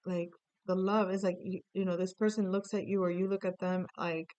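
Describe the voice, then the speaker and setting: Smooth-voiced woman giving a rambling reading. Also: fairly low pitch, level tone, normal speed, a little mellow. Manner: rambling, many fillers and restarts, swearing, laughs often. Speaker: tarot reader. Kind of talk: casual spoken reading.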